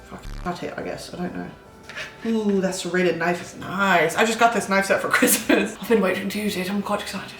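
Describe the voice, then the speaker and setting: A woman's voice: medium pitch, steady tone, fairly quick, a bit bright, faint music behind. A young woman in her twenties hosting a comedic cooking vlog, putting on a playful mock English accent with cheeky, profane, self-mocking asides. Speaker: host. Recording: echoey room, mic at a distance.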